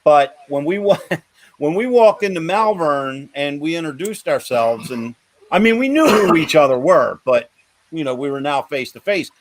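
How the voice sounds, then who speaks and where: A man's voice: fairly high pitch, animated, moderate pace, no echo. Chatty man hosting a podcast. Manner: chatty, frequent fillers and affirmations. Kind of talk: casual podcast chat.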